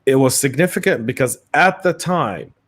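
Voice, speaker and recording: A man's voice: mid-range voice, lively intonation, moderate pace, a bit bright. A man with a Southern US accent co-hosting a live podcast, chatty and casual, often stammering on restarts. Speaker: podcast co-host.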